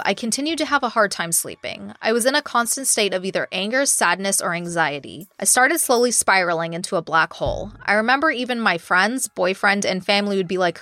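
Woman reading a listener story on her podcast, lotsa swearing, punchy, sharp tone. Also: mid-range voice, no room sound. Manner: profane, blunt and emphatic. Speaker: podcast host.

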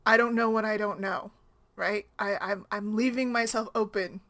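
Talking casually about her life, a woman in her thirties who blogs as a single mom is chatty and quick to laugh, frequently tossing in "right?" She speaks at normal speed with a medium, fairly even, slightly bright voice.

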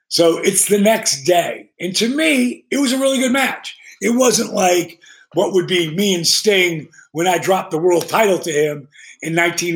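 A man with a high, gravelly voice tells stories as a podcast guest. He talks with lots of swearing and animation, slipping into the voices of the people he quotes. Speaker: guest, retired pro wrestler. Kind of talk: profane storytelling podcast chat.

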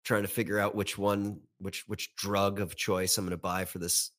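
A man's voice: fairly low pitch, little pitch movement, moderate pace, fairly bright tone. A male podcast co-host with a stuffy nose from a sinus infection, telling rambling anecdotes in casual chat.

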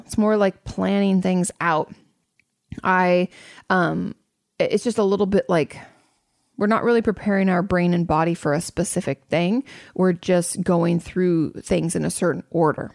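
A woman's voice: on the low side, fairly even intonation, a little slow, vocal fry, darkish tone, no room sound, clean studio sound. A woman hosting an advice show as a therapist, answering audience questions in a casual, blunt and candid way, swearing freely.

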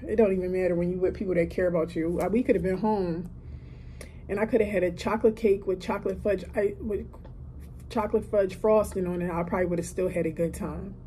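Heartfelt woman, 30, with a mellow voice. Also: on the low side, steady tone, quick pace, a little hiss or hum, low-quality recording. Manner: heartfelt, emphatic, motivational. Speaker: podcast host. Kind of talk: casual solo podcast talk. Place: hotel room.

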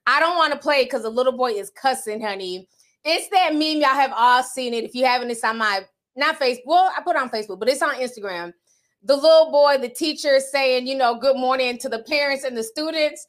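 A woman hosting a livestream podcast, chatting casually and reading super chats in a sassy, animated way. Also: sits high, a little fast. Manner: sassy, animated, calls viewers sis and honey.

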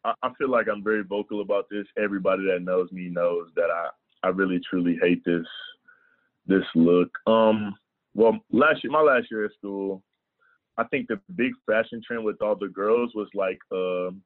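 A laid-back young guest talks casually and often stumbles over repeated words. His voice is low and comes through a thin, tinny phone line. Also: moderate pace. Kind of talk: casual chat.

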